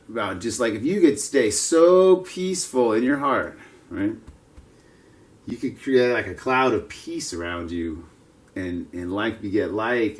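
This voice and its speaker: A man in his fifties, vlogging casually outdoors, talking in a chatty, digressive, self-mocking way. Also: mid-range voice. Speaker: martial arts vlogger. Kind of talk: casual rambling monologue. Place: outdoors, with passers-by around.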